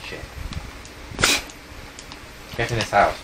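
A man chatting while playing a video game, teasing his friend with deadpan dark jokes. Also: takes it slowly, a little hiss or hum, rough recording. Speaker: gamer. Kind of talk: casual gaming chat.

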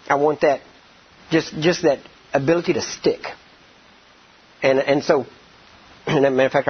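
A man teaching a ministry training session in a sermon style, telling stories in an animated, colloquial way and often repeating words. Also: medium pitch, slight background noise. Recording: dull lo-fi audio.

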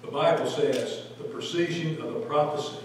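A man's voice: a little high, normal speed, slight background noise. Man teaching a church Bible class. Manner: animated, acts out quoted voices, asks the class questions. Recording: echoey room taped from a distance.

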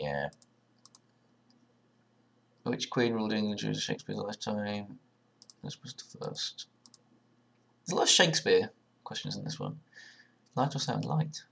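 Here a young male video creator works through an online quiz, thinking aloud, muttering guesses, and swearing with heavy sarcasm amid sudden loud outbursts. His voice sits on the low side, with vocal fry and a breathy edge.

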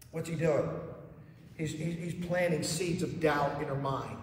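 A man's voice: on the high side, unhurried, a little hiss or hum. A male pastor preaching a sermon, rising in emphasis and asking rhetorical questions, recorded from a distance in a church sanctuary. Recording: echoey hall from far off.

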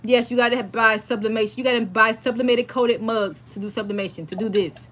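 Chatty woman with a bright voice. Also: a little high, fairly even intonation, brisk. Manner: chatty and familiar, addresses viewers as y'all. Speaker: crafting livestream host. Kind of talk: casual livestream chat. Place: home.

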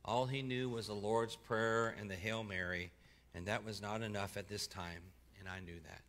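Bright-voiced man reading a story aloud. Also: lowish voice. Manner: expressive, slows down and drops soft for grave moments; occasional stumbles and self-corrections. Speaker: reader at a church service. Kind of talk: dramatic reading of a first-person story. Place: church.

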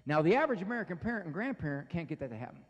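Animated man telling stories in a hall. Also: fairly high pitch, racing. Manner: animated storytelling, acts out voices. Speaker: speaker on parenting. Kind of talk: humorous talk to a live audience.

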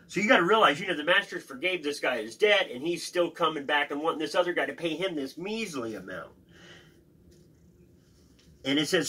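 A man's voice: mid-range voice, expressive, fairly quick, bright, forceful tone, husky, poor audio. A man reading a Bible passage aloud and commenting on it in an earnest, informal way, often calling his listeners guys.

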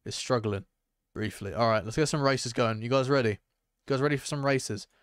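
A young man chatting excitedly to his viewers as he streams a game, reacting loudly and calling out to chat. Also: mid-range voice, moderate pace, no echo, studio quality. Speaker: gaming streamer. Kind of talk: live gameplay commentary.

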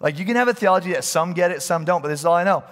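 Higher-voiced man preaching in a reverberant hall. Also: animated, rapid-fire, a bit bright. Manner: storytelling, conversational, humorous asides. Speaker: pastor. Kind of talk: sermon. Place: church hall.

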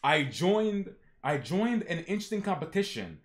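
A man voicing a cheerful, carefree teenage fighter in a loud, excited way. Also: sits high, normal speed.

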